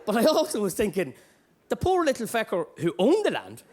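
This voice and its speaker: A man from Dundalk with an Irish accent doing a stand-up routine, animated and sweary, with shouty bursts, recorded live in a club. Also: high voice, fairly quick, noisy background. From Dundalk, Ireland. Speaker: stand-up comedian.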